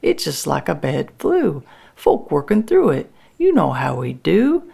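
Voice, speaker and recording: A woman's voice: deep voice, wildly swooping pitch, unhurried, creaky, dark tone, slightly rough, exaggerated voice. A woman doing a pushy dismissive factory boss. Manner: brushing off, bossy, folksy dialect.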